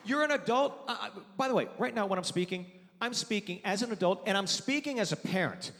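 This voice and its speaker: Animated man doing stand-up in a hall. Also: fast, background noise. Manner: loud animated storytelling with sudden high-pitched yelps. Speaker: stand-up comedian. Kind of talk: stand-up comedy set. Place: theater stage before a live audience.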